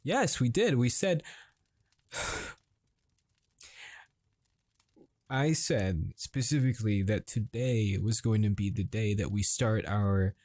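An actor playing a frustrated husband confronting his wife at dinner, halting and swearing as he grows angrier. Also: on the low side, no echo. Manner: halting, swearing, escalating to yelling. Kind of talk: improvised dramatic monologue.

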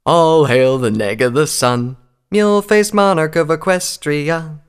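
A man's voice: medium pitch, lively intonation, fairly quick, a bit bright. A man voicing a male pony recruit who is derisive and mocking toward his comrades, in an audiobook reading. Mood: mocking sing-song. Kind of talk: audiobook character voice.

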